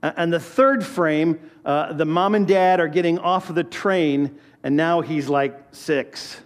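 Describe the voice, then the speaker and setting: A man's voice: a little high, a little slow. A man in his fifties preaching a sermon, talking to the congregation in a conversational way with personal stories and frequent questions. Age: 50s. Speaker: pastor.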